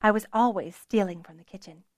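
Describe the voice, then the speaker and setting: A woman's voice: medium pitch, a little fast, no echo, studio quality, natural voice. A woman voicing a plucky, frank young noblewoman dragonrider with a good-humored manner.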